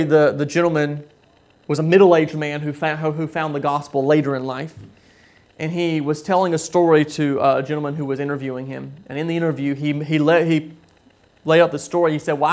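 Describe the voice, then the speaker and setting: Man, preacher, sermon, stumbling repeats, somewhat high voice. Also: fairly even intonation. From southern United States. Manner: storytelling, halting with repeated words.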